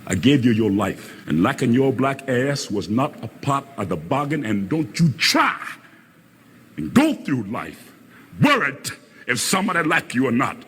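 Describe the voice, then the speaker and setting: An actor playing a stern, gruff father who lectures his son, dropping into low growls and rising into shouts. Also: big-room sound, a little hiss or hum, close to an everyday voice. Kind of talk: film drama.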